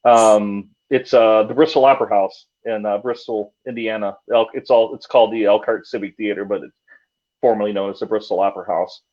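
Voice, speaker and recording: A man's voice: on the low side, steady tone, brisk. A man, a paranormal investigator, telling a story casually, with many fillers and restarts. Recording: dull lo-fi sound.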